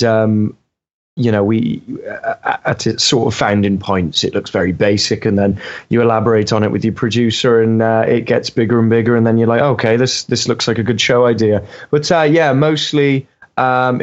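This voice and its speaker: A man's voice: on the low side, level tone, moderate pace. Welsh man, hesitant, lo-fi sound. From Wales. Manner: hesitant, many ums and uhs. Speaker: guest voice actor. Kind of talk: casual interview chat. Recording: dull lo-fi audio.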